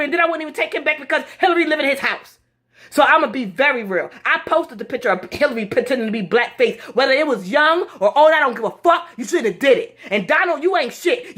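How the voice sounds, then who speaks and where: A woman's voice: high voice, fairly bright tone. A woman, delivering an angry, blunt, profane political rant straight to her viewers. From United States. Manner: heated, blunt and profane, speaking directly to viewers. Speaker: vlogger.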